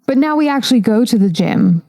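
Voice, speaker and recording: A woman's voice: fairly high pitch, animated, brisk, mellow, no echo. Woman on a podcast, kinda hesitant, trails off, dry close sound. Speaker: podcast guest. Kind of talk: casual chat.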